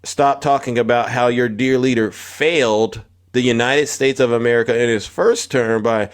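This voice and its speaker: A man running a political livestream with a confrontational, preachy manner. He repeats phrases, climbs in pitch on emphatic lines and calls viewers out one by one. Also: fairly even intonation, moderate pace, clean tone. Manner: confrontational, repetitive, calling out viewers by name. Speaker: livestream host.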